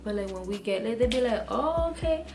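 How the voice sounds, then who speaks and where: A young female vlogger talks quickly in a mid-range, fairly even voice, telling a casual storytime. Her delivery is angry, profane and meandering, full of "like" and restarts, with music audible behind her.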